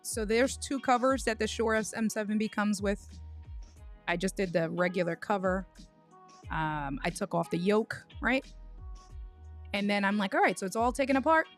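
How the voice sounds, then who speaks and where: Hosting a casual livestream, a woman with a medium-pitched, expressive voice tells a story about a tech mishap and greets viewers by name. She restarts her sentences often as she talks, with soft music playing in the background.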